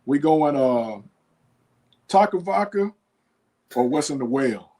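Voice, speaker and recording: A man hosting a podcast, asking quick this-or-that questions in a relaxed, casual way and filling pauses with "okay.". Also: on the high side, background noise. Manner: relaxed, quizzing, says okay a lot. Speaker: podcast host.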